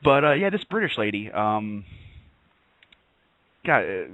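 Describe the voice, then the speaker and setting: A man's voice: fairly low pitch, big pitch swings, measured pace, fairly bright tone, no echo, poor audio. Rambling, jokey man co-hosting a radio show. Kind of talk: casual chat.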